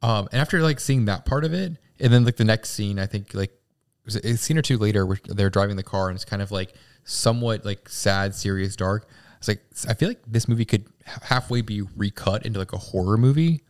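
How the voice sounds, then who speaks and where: A man's voice: on the low side, fairly quick. A man co-hosting a casual movie podcast, rambling and self-deprecating with lots of filler words. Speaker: podcast co-host.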